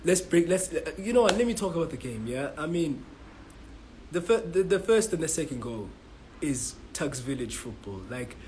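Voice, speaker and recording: A man's voice: fairly high pitch, a little mellow, slight background noise, low-quality recording. A man from South Africa giving a frustrated, swearing match reaction as a football fan vlogger, stumbling and repeating himself. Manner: frustrated, swearing, repetitive restarts.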